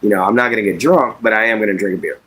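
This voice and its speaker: Male streamer, bright voice, loose folksy chatter with frequent laughs. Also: fairly low pitch, rapid-fire, slightly rough. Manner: rambling, folksy, laughs often. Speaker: livestream host reading viewer chat. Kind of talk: casual chat.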